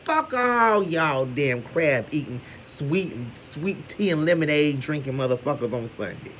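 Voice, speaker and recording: A man giving loud, brash gossip commentary with heavy cursing. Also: medium pitch, a little hiss or hum. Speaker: commentary vlogger.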